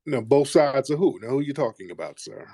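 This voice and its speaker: A man's voice: mid-range voice, expressive, a little fast, vocal fry, warm tone, husky. A man hosting a live call-in show, talking in a blunt, preachy, confrontational way. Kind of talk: heated casual talk.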